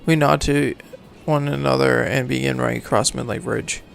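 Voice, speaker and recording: A man reading a game's story aloud for a let's play, halting and correcting himself, then signing off casually. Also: mid-range voice, steady tone, vocal fry, soft background music. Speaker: let's player, reading game text. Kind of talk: reading game narration aloud, casual outro.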